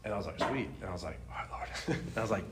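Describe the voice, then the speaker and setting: A young man telling a personal faith testimony in a casual, animated way, laughing often and filling his talk with "like". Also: lowish voice, racing, heavy background noise. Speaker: speaker sharing a testimony.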